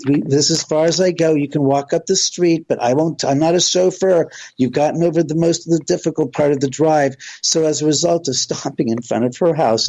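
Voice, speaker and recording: A man's voice: a little high, a little mellow, poor audio. A middle-aged man from Southern California, a radio interview guest, telling long rambling stories and acting out quoted dialogue. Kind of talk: casual storytelling on a radio interview.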